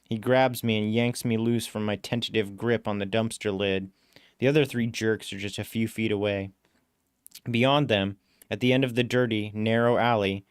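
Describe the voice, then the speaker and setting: A man narrating a first-person story aloud in a steady, matter-of-fact way. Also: on the low side, clear, resonant tone, no echo, clean studio sound. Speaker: story reader.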